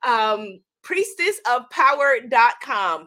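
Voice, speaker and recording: A woman hosting a casual livestream, gushing excitedly and talking to her viewers. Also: sits high, moderate pace. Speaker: livestream host unboxing a tarot deck.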